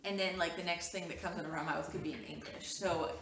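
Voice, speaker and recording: Chatty young mom in a roomy room. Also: female voice, fairly low pitch, steady tone, quick pace. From Canada. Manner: rambling, many "like" fillers, coos to her child. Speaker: mom vlogger. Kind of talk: casual chat to camera with her toddler. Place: home room. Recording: roomy sound, mic a bit distant, faint hiss.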